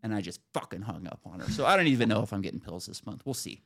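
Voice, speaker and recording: A man's voice: lowish voice, fast, gravelly, breathy edge. Exasperated man telling a story. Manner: animated, exasperated retelling with profanity. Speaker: podcast host. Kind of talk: casual storytelling chat.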